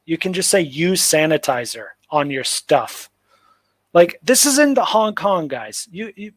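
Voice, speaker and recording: A man's voice: a little high, no echo, rough recording. A man hosting a casual livestream, picking apart a notice with sarcastic, rambling commentary full of "like" fillers. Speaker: livestream host. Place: home livestream setup.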